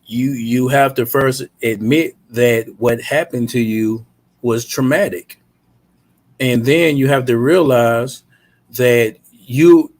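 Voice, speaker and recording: Earnest man telling a personal story. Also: mid-range voice. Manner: earnest, steady recounting of a painful memory. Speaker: podcast guest.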